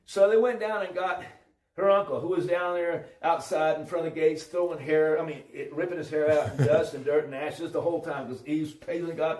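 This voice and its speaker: A man telling a Bible story in an informal preaching style, animated and full of restarts. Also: fairly high pitch, a little fast, recorded from a distance. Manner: animated, acts out voices, many restarts. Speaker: religious storyteller. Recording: roomy audio from off-mic.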